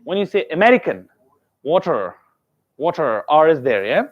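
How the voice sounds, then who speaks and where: A higher-voiced man leads a classroom lesson, repeating words over and over and slipping in joking asides. The recording has a dull, slightly lo-fi sound. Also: big pitch swings, quick pace. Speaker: pronunciation teacher. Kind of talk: classroom teaching, mixing English and Hindi.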